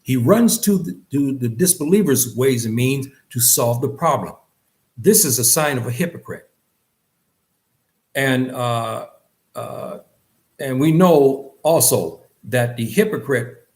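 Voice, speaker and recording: A man teaching a lesson on faith in an earnest lecture style, repeating phrases and rising in pitch on key points. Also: darkish tone. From West Africa. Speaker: religious teacher.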